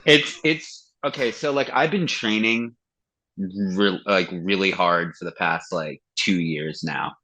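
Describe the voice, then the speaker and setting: A metal singer being interviewed on a podcast, talking in a loose, profane way. His voice sits low and a little husky. He acts out what others said to him as he tells his stories. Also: takes it slowly, bright, forceful tone, rough recording. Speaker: guest singer of a metal band. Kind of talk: casual interview chat.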